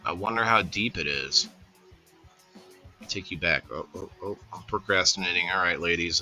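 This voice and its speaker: A man's voice: low-pitched, expressive, measured pace, long pauses, bright, forceful tone, faint music behind. A man hosting a casual livestream, rambling in an easygoing way and greeting viewers by name. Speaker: livestream host.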